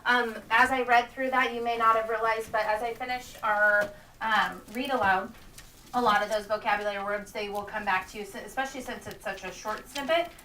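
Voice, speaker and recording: A woman teacher reads a story aloud and gives brisk directions to her class. Her bright, slightly high voice echoes around the classroom, picked up from some distance away with a faint murmur of room noise. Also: fairly even intonation. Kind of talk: classroom read-aloud and instruction.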